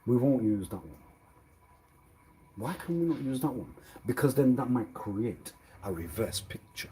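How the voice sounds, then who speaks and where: Medium-pitched, expressive, and unhurried, a male livestreamer delivers a disjointed, rambling monologue on stream. He argues back and forth with himself, repeats words, and veers between quiet muttering and loud exclamations.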